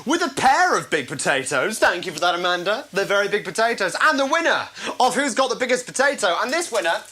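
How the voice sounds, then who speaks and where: A man hosting a casual comedy show from home, playful and self-mocking, quick to laugh at his own jokes. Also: sits high, sing-song, sharp tone, rough recording. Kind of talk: casual live show chat.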